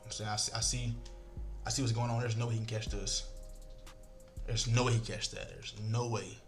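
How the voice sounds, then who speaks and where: A man's voice: on the low side, a little fast, soft background music. A man casually telling a story to his viewers, acting out the lines of the people in it and swearing freely. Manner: animated, acts out quoted lines, swears freely.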